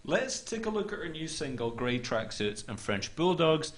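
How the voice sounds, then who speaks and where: A man's voice: a little high, very animated, moderate pace. A man hosting a comedy talk show, reading viewer notes in a dry, mock-formal way.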